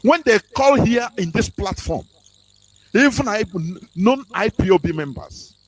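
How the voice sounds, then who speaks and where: Male radio host, high and lively, preaching style. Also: measured pace, a little hiss or hum, low-quality recording. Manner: animated, sermon-like, with fillers.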